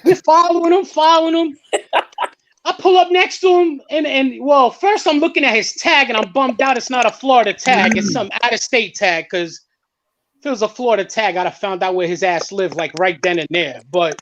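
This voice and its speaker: A man's voice: moderate pace, a little hiss or hum. A man telling a story on a casual car podcast as a guest, swearing freely and acting out what others said. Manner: animated, swears freely, acts out quotes in a higher voice.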